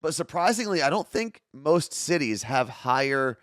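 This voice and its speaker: A man's voice: fairly high pitch, big pitch swings, moderate pace, fairly bright tone, no room sound, studio quality. A man with a Long Island New York accent co-hosting a live morning show, joking around and reading viewer messages aloud. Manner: joking, chatty, reads chat comments aloud.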